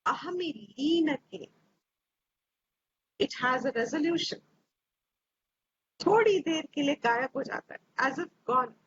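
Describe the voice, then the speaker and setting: A woman teaching scripture slowly and reflectively, repeating her phrases, over a video call. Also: sits high, lively intonation. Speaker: Vedanta teacher. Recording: dull lo-fi audio with faint hiss.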